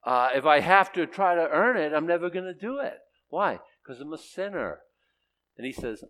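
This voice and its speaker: Conversational preacher man, lively pitch. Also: moderate pace. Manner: conversational preaching with emphatic peaks. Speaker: pastor. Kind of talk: sermon.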